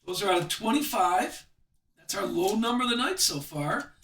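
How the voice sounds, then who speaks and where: A man with a high, bright voice hosts a live card break, chatty and upbeat as he calls out each card he pulls. He sounds a bit off the mic, and the room is echoey. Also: expressive, moderate pace, distant mic. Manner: chatty, upbeat, calls out cards as he opens packs.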